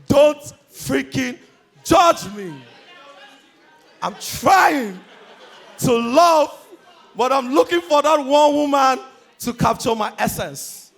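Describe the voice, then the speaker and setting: A Nigerian man doing stand-up comedy, energetic and shouting his punchlines. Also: very high voice, slow, long pauses.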